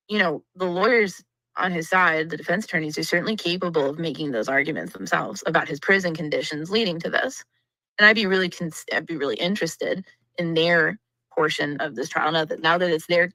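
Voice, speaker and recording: A woman's voice: deep voice, brisk, pushed and bright, no room sound, low-quality recording. A woman co-hosting a livestream discussion, thinking aloud and analyzing in an inquisitive way.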